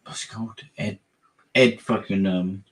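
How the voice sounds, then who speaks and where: Slow, jokey man. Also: fairly low pitch, steady tone, crowd noise. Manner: loose and jokey, swears freely. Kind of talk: casual chat over drinks.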